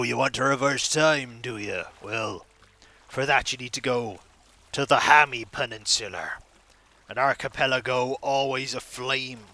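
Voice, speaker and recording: A man's voice: mid-range voice, bright, forceful tone. A man voicing a theatrical cliché pirate who spins dramatic tall tales. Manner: dramatic, tall-tale telling.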